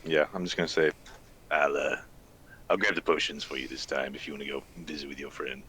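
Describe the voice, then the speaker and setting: Deep, bright-toned man playing a tabletop game. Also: fairly even intonation, fairly quick, husky. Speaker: player.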